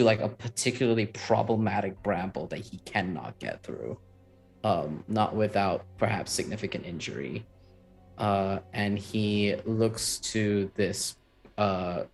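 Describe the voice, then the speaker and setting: Man, tabletop role-play player, unhurried and musing, lowish voice, soft music underneath. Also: gravelly.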